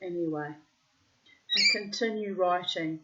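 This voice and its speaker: A woman's voice: fairly low pitch, a little slow, heavy background noise. Frank, profane middle-aged woman, lo-fi. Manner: frank and profane, breaks into loud laughter. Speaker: diarist reading her journal aloud. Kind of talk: casual spoken monologue with diary readings. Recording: dull, lo-fi sound.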